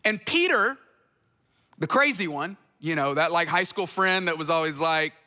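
A man's voice: a little high, expressive, normal speed, pushed and bright, big-room sound. A man preaching a conversational sermon, earnest, repeating phrases for emphasis and adding storytelling asides. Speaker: pastor.

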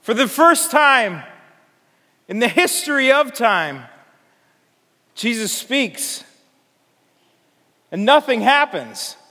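A very high-pitched man preaches in slow, deliberate phrases that build to emphatic declarations. His tone is bright and sharp, and a long reverb trails every line. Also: big pitch swings. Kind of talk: sermon.

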